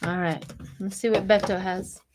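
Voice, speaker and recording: A woman's voice: mid-range voice, fairly even intonation, normal speed, noisy background. An older woman from Colorado doing a casual, chatty tarot reading for her channel, laughing often and wandering into gossipy asides. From Colorado, United States. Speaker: tarot reader.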